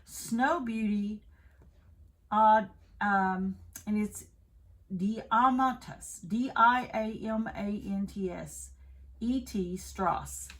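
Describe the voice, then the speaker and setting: A woman's voice: mid-range voice, extremely slow. A woman with a Southern accent, chatting and rambling casually as she unboxes and shows off a craft kit. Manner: chatty, rambling, self-correcting. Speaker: craft video host.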